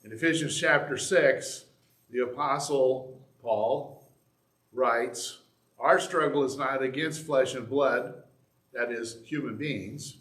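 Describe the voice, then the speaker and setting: A man's voice: medium pitch, takes it slowly, a bit bright. A middle-aged male pastor giving a conversational sermon with asides and restarts in a church sanctuary. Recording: echoey church room.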